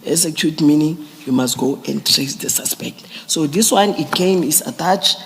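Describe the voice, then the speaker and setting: A man's voice: fairly high pitch, normal speed, a little hiss or hum. A man, a police general, giving formal testimony at an inquiry and explaining procedure step by step with restarts. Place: large hearing room. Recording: echoey hearing room.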